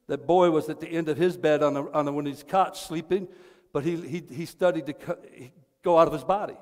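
A male pastor preaching a sermon, telling stories with fervor and building up to shouted declarations. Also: a little high, steady tone, a little fast, long reverb tail. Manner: impassioned storytelling, building to fervent shouting. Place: church sanctuary.

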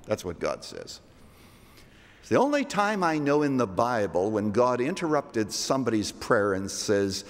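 An older man preaching a sermon as a pastor, slowing down to stress scripture verses with emphatic delivery. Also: mid-range voice, expressive. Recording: long reverb of a large hall.

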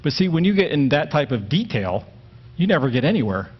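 A man's voice: a little high, very animated, brisk, husky. A man giving a conversational Bible teaching, plain-spoken and stressing single words to make his points. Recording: dull lo-fi recording.

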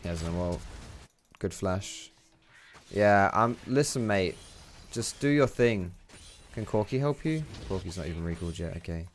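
A young man giving casual, excitable gameplay commentary, chatty and swearing freely. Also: deep voice, measured pace, pauses often, a little hiss or hum. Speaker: gaming YouTuber.

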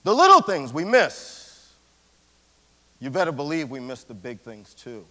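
A male pastor giving a sermon in a casual, slangy way, swinging between loud emphasis and hushed near-whispers. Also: a little high, big pitch swings, measured pace. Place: church sanctuary. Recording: long church hall reverb.

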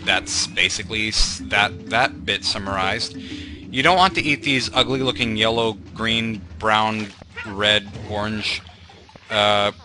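This is a let's play commentator, a young man whose talk over the game meanders with fillers, tangents and self-mockery. He has a fairly low voice and a slow pace, and game music plays underneath.

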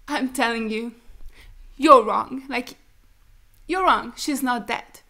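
High-voiced crying young woman. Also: slow pace, creaky, pushed and bright. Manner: distraught, pleading, swearing in disbelief. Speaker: reaction video host. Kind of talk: emotional reaction commentary.

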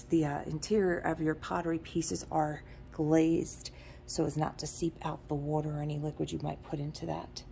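A woman's voice: low voice, gravelly, warm tone, a little hiss or hum. A middle-aged woman touring an antique shop, chatting casually and rambling into asides between prices. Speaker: antique shop owner giving a tour. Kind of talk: casual walkthrough vlog.

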